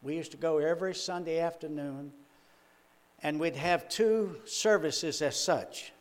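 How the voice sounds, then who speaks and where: A man's voice: a little high, unhurried. An older man, a minister preaching a sermon in a folksy, chuckling, storytelling way. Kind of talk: sermon with personal stories.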